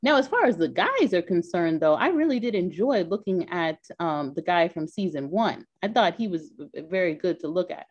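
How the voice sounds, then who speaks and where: A woman co-hosting a podcast in casual chat, talkative and quick to laugh, with lots of filler words. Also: lowish voice, expressive. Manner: chatty, laughs often, many "like" fillers. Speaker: podcast co-host. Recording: dull lo-fi sound.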